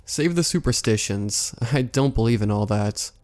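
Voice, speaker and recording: A man's voice: fairly low pitch, lively intonation, normal speed, a little mellow, lightly acted. A man voicing a vain, dismissive teenage girl in a spooky story. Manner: scoffing, dismissive.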